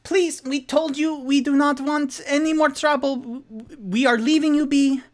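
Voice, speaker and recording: Casting: man playing a scared halfling woman for a tabletop game, very high, pleading, stammering. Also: fairly even intonation, normal speed, a bit bright, clear, resonant tone.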